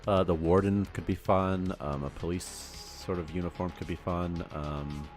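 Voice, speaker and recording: A man's voice: low voice, steady tone, moderate pace, faint music behind. A young man hosting a casual game development livestream, rambling and chatty and laughing often. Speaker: programmer and stream host.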